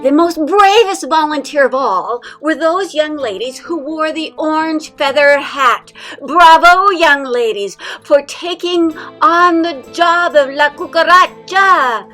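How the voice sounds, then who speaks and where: A woman storyteller with a high, bright voice, speaking slowly and expressively to a class of young children. Soft guitar music plays behind her in the classroom. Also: lively intonation. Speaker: visiting storyteller and art teacher. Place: elementary school classroom.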